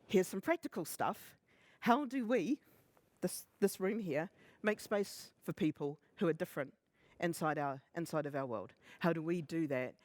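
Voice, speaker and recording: Animated, humorous man giving a conference talk. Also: sits high, no room sound. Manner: humorous, animated, acts out quoted remarks. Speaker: conference speaker. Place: conference stage.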